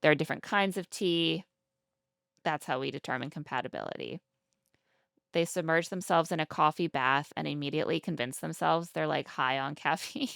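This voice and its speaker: A woman co-hosting a podcast, recapping a dating show in casual, animated chat with plenty of swearing. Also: sits low, normal speed, vocal fry, no room sound, clean studio sound. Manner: animated, profane, acts out quotes. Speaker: podcast co-host.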